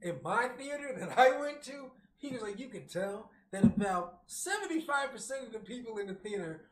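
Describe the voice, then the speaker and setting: A man co-hosting a casual show, recapping a movie with animated storytelling, acting out the characters and swearing freely. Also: very high-pitched, normal speed. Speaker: podcast co-host. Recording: echoey room with faint hum.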